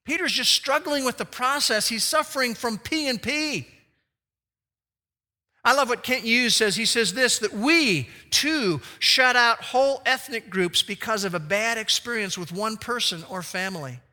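A male pastor preaching a sermon in a large hall with a long, ringing reverb. His voice is high-pitched and piercingly bright, and he acts out the quoted lines with big leaps in pitch. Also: a little slow.

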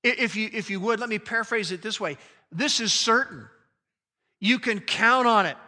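A man preaching a sermon, slowing down and stressing key phrases with emphatic delivery. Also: sits high, bright, forceful tone, long reverb tail. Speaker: pastor.

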